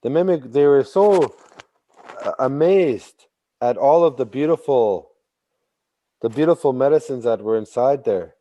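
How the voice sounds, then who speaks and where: A man telling a traditional story slowly, repeating phrases and bursting into sudden animated emphasis. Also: mid-range voice, slight background noise. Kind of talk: oral storytelling.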